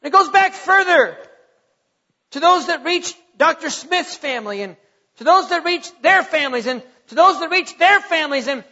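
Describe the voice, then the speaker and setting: A male pastor delivers a sermon with emphatic repetition and dramatic slowdowns. His voice sits very high and sounds bright and forceful. The recording is dull, with a long church reverb. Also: lively intonation. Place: church sanctuary.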